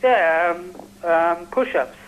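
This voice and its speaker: A man's voice: sits high, slow pace, a little hiss or hum. A man calling in to a live show, answering hesitantly and sheepishly over the phone. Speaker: caller. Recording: phone line on air.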